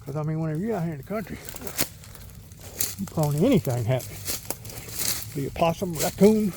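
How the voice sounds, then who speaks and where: Folksy man, somewhat high voice. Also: lively intonation, brisk, creaky, noisy background. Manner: rambling folksy storytelling, talks to his dog. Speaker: vlogger. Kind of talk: casual outdoor vlog. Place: outdoors in the countryside by a pond.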